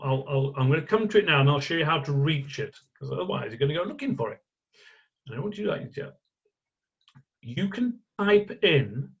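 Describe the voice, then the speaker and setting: Middle-aged male tutor, conversational, somewhat raised pitch, prone to restarts, muffled lo-fi sound. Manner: chatty, rhetorical questions, frequent restarts. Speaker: online course instructor. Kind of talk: live screen-share tutorial. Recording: dull lo-fi audio.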